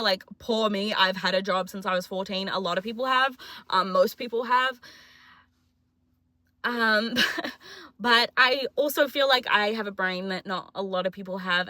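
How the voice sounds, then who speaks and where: A young woman of twenty with a New Zealand accent chats through a casual confessional vlog, poking fun at herself and joking as she goes. Her voice is bright and a little tense, set at an everyday middle pitch. The sound is close and dry, with no room around it. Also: no room sound. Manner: chatty, self-mocking, jokey. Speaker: vlogger.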